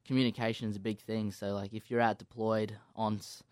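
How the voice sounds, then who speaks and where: A man's voice: lowish voice, little pitch movement, fairly quick, a little mellow, clear, resonant tone, no echo, clean studio sound. A young Australian man interviewed as a guest, polite and agreeable, answering with many yeps. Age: young adult. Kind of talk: casual interview.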